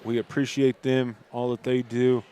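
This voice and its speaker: A man doing play-by-play for a high school basketball game, reading a sponsor spot and rising loud and quick on big plays. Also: clean tone. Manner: rises loud and excited on plays. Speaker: play-by-play announcer.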